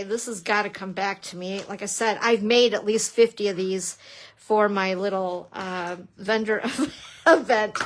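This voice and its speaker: A woman's voice: mid-range voice, a little hiss or hum. A middle-aged woman demonstrating papercrafting on a live stream, chatty and bubbly, teasing herself and greeting viewers. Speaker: papercrafting instructor.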